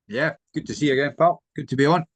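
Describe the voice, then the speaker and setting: A man joining a casual chat as a guest, chuckling often and adding quick jokes. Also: on the high side, no echo. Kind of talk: casual banter.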